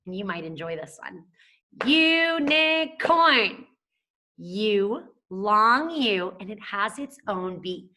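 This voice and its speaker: In a mid-range, sharp-toned voice, a female teacher walks young children through phonics. Her words come slowly and drawn out, each one stressed to help them keep up.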